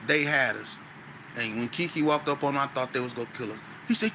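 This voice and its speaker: A man, a guest on an interview show, telling a story in an animated, slang-heavy way with stuttering restarts. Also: mid-range voice, fast, background noise.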